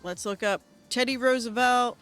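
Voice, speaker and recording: A woman streaming a video game, rambling excitably with lots of fillers into a desk microphone at her computer. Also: on the high side, moderate pace, clean tone, faint music behind. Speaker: gaming streamer. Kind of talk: casual let's-play commentary. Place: at home at a computer.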